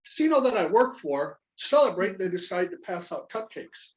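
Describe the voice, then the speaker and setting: A man's voice: sits high, big pitch swings, moderate pace, muffled recording. A man in his forties from Kentucky with a Southern accent, a Navy veteran doing a stand-up comedy set with dry, self-mocking punchlines. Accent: Southern American.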